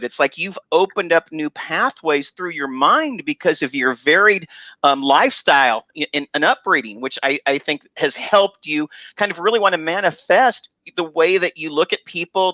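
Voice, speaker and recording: A man hosting a radio interview, talking haltingly with many restarts and warm praise for his guest. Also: on the high side, no echo. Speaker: host. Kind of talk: casual interview chat.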